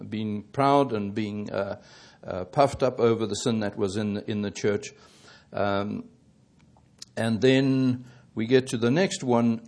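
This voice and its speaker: A man preaching a sermon, halting and correcting himself often, growing more emphatic as he presses his points. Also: medium pitch, darkish tone. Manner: halting, with many fillers and self-corrections.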